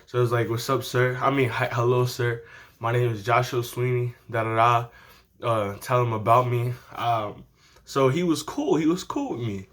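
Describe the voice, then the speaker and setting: A teenage boy chats straight to camera in a loose, animated story-time ramble. His voice sits at a middle pitch, and he breaks into laughter as he goes. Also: moderate pace. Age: teens. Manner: animated, slangy, laughs often. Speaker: vlogger.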